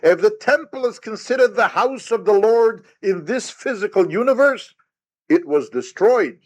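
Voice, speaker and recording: A man's voice: high-pitched, lively intonation, normal speed. A man, a rabbi, giving a recorded Torah lecture, emphatic and full of rhetorical questions. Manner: retells Talmud story with quoted sage dialogue.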